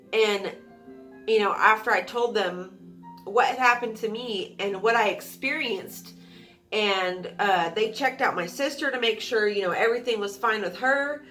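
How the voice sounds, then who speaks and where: A young storytime vlogger tells her viewers a personal story in a casual, candid way, swearing freely and acting out what people said, with shrieks in the quotes. Her voice is fairly high and a bit bright.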